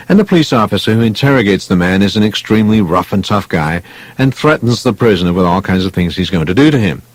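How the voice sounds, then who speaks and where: A man's voice: fairly low pitch, no echo, poor audio. A man reading a self-help audiobook in an emphatic, conversational storytelling manner on a close microphone. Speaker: audiobook narrator.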